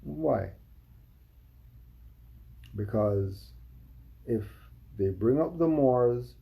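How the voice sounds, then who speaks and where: A man's voice: medium pitch, expressive, very slow, creaky, pauses often, dark tone, slightly rough. A man giving emphatic livestream commentary, firing off rhetorical questions.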